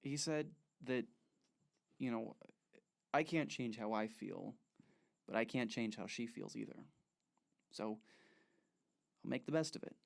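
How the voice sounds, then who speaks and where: A man voicing an easygoing teenage boy who speaks in a halting, rambling way. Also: medium pitch, vocal fry.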